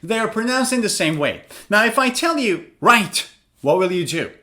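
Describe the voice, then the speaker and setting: A man teaching English pronunciation in an online lesson, explaining clearly and sounding out words slowly to demonstrate. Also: sits high, sing-song, background noise.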